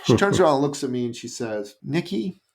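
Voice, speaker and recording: A Canadian man, a business coach, telling an anecdote in a podcast interview with lively emphasis. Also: mid-range voice, fast. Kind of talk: storytelling in an interview.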